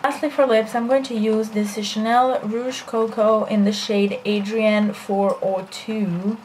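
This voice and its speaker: A woman's voice: fairly high pitch, steady tone, a little slow, a little mellow, slight background noise. A young woman chatting casually through a makeup tutorial as a beauty vlogger, self-deprecating and full of fillers.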